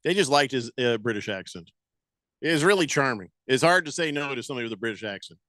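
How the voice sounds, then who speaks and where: A man's voice: medium pitch, lively intonation, fast, sharp tone, no room sound. A man hosting sports talk radio, chatting casually and joking around with playful exaggeration.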